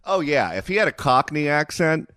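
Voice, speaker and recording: A man hosting a call-in radio talk show, jokey and quick to move between callers. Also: fairly high pitch, sing-song, bright, forceful tone, clean tone, no echo, clean studio sound. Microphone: studio mic.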